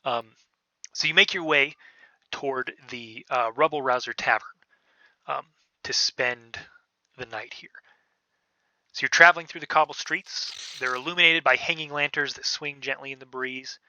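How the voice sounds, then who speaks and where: A man narrating a tabletop game as game master, in a casual, halting way with many fillers. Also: medium pitch, bright, forceful tone, dry recording. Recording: dull, lo-fi podcast audio.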